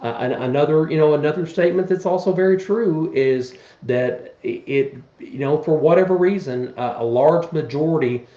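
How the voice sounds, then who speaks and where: A man's voice: fairly high pitch, moderate pace, hardly any pauses, roomy sound, muffled recording. A man in his fifties talking earnestly on a podcast, rambling with many restarts as he explains his charity work. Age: 50s. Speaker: podcast guest, charity event organizer. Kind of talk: casual chat.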